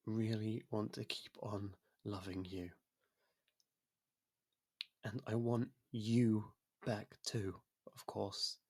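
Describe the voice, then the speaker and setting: A man doing a breathy, obsessive android in whispered role-play. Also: fairly low pitch, heavily acted. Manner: slow, calm, pleading and possessive. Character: obsessive, devoted android, soft-spoken and insistent.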